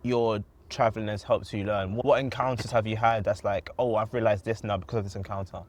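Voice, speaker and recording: A man's voice: lowish voice, fairly even intonation, fairly quick. A young man hosting a podcast in casual chat, telling stories in a laid-back way. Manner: laid-back, storytelling, laughs often. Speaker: podcast host.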